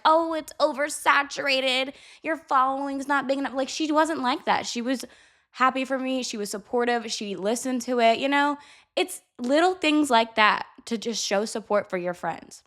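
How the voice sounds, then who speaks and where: A young woman talking straight to her camera in a casual, candid vlog. Her voice sits a little high, and she is blunt and unfiltered, swearing freely as she talks. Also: expressive, moderate pace, fairly bright tone. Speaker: vlogger. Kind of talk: casual advice chat to camera.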